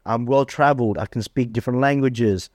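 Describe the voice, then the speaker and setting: A man's voice: mid-range voice, fairly quick, no room sound, clean studio sound. A man hosting a casual chat, bragging and acting out his own dialogue in a raised voice. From Australia. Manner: boastful, acts out quoted dialogue in a raised voice. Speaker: podcast host.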